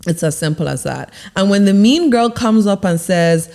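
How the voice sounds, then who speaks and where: A woman's voice: lively intonation, mellow. Emphatic young woman giving confidence advice. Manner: emphatic and deliberate, drops her voice low to stress points. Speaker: confidence coach. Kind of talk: motivational advice to camera.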